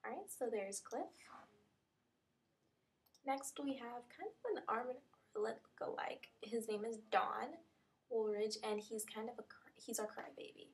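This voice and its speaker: In a fairly high, unhurried voice, a young woman casually describes characters one after another for a fan series audition call. She's chatty and full of ums.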